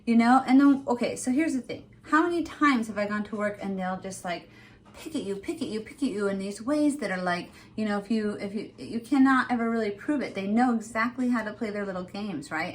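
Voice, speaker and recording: A woman's voice: medium pitch, a little fast. A woman talking straight to camera in a casual vlog rant. She speaks with emphasis and a lot of fillers, and acts out other people's lines as she goes. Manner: animated, emphatic, many fillers. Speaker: former retail employee vlogging.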